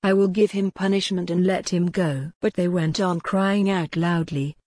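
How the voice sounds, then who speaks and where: A woman giving a measured, scripted reading of a Bible passage. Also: lowish voice, fairly even intonation, a little mellow. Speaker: scripture reader.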